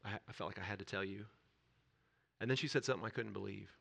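A man shares a raw personal testimony before a church group. His voice is bright and forward, with hesitant restarts, sinking to near-whispers on the painful parts and lifting with energy when he is stirred. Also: lowish voice, vocal fry. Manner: earnest, halting confession that drops to near-whispers and swells when stirred. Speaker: church speaker.

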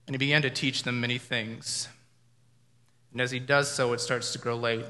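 A man delivers a sermon in a bright, forceful voice, talking it through conversationally and reflectively. His words carry a long reverb, as if spoken in a large hall. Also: medium pitch, flat delivery, moderate pace, a little hiss or hum. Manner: conversational, reflective, with imagined dialogue. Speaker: pastor.

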